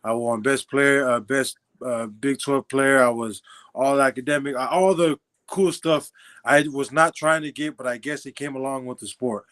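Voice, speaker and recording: A man's voice: medium pitch, moderate pace, a bit bright. A young man in his twenties, a podcast guest casually telling his life story, acting out dialogue and laughing often. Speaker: podcast guest, former football player.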